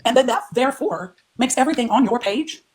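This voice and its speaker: An older woman talks quickly and firmly in a livestream dispute. She keeps stressing that she is calm and respectful while she presses her case. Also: a little high, husky. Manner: firm, insists she is being respectful. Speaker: livestream guest. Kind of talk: heated livestream argument.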